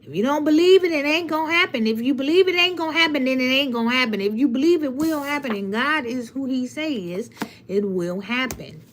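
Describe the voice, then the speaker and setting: A woman's voice: high-pitched, lively intonation, fairly quick, slight background noise. A woman giving a blunt, preachy tarot reading on a live stream and talking straight to her viewers. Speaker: tarot reader. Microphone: webcam or phone on a live stream.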